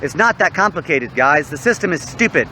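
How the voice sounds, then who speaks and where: A young man rambles outdoors in a preachy, profane monologue, his voice high and bright. He talks straight at the camera. The faint hum of traffic runs behind him. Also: lively intonation, brisk, poor audio. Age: young adult. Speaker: online game player.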